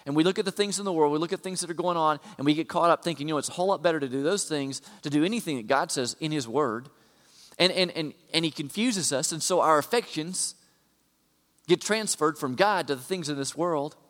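A male pastor delivering a sermon in a slightly high voice. He moves from soft, talky asides to loud, driving repetition. A long reverb trails his words, as in a big hall. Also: a little fast. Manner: builds from quiet asides to loud emphatic repetition.

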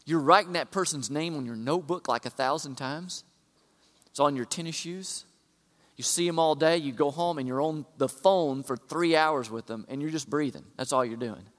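A man preaching a sermon, shifting from quiet conversational asides to loud, emphatic repetitions. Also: fairly high pitch, moderate pace. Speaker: pastor. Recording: long hall reverb.

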